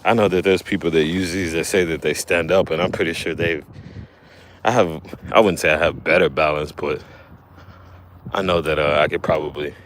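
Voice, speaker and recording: A man's voice: rumbling low, fairly even intonation, normal speed, fairly bright tone. A man chatting casually on a livestream beside his kayak, rambling and correcting himself, a little winded. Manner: rambling, self-correcting, laughs often. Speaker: livestream host. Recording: faint background noise.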